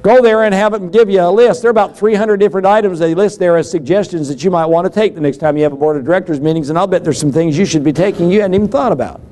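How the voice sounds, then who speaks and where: Middle-aged male seminar lecturer, high-pitched, folksy, talks to the class and plays out quick dialogues. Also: mellow. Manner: folksy, acts out little dialogues. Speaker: seminar speaker on taxes.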